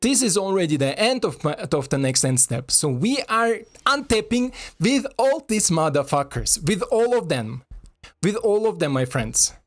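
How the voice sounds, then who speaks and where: A man giving casual, excitable commentary over a card game, swearing and talking to his viewers in non-native English. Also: sits high, moderate pace.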